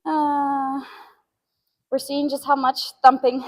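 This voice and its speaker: A woman's voice: sits high, steady tone, slow pace, pauses often, rough recording. A young woman streaming a gym workout, chatting casually and breathlessly between sets, restarting her sentences. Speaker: fitness streamer.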